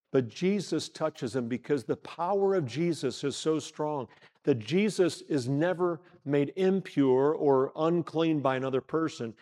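A middle-aged man preaching a sermon in a slightly higher-than-average voice. He leans on rhetorical questions and dramatic pauses, and he acts out the dialogue in the stories he tells. His voice rings with the long reverb of a large hall. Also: warm tone. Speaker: pastor.

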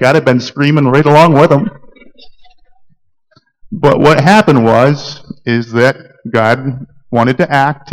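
A pastor from Georgia preaching a sermon, telling stories earnestly with frequent fillers and restarts. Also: male voice, mid-range voice, poor audio.

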